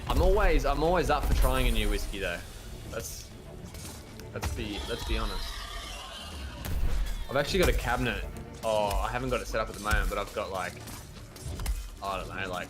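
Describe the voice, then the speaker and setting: Young Australian male streamer, casual and rambling, game music behind. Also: mid-range voice. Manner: rambling, self-correcting, chatting with viewers. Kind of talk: casual chat while live-streaming a game.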